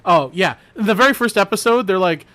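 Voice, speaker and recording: A man's voice: high voice, expressive, a little fast, sharp tone. A man co-hosting a podcast, giving dry reactions and crude jokes. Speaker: podcast co-host. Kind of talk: casual profane chat.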